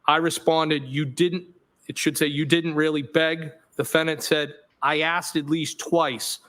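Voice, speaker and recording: A man testifying in a courtroom as a witness, reading out text messages in a measured way and naming the punctuation aloud. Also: on the high side, level tone, fairly bright tone. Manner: measured reading aloud, reads punctuation such as "question mark" aloud.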